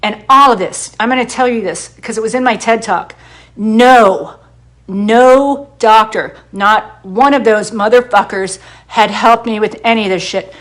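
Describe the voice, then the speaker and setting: A middle-aged hairdresser and wellness advocate vents to camera in a slightly high voice, speaking a little slowly. She curses heavily and doesn't soften anything, quoting her own words in dialogue and repeating herself to drive each point home.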